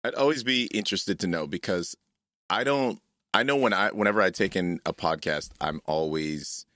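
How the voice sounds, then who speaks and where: A man's voice: sits low, moderate pace, pushed and bright, no room sound, studio quality. A man in his thirties hosting a podcast, chatting casually and laughing often. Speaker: podcast host.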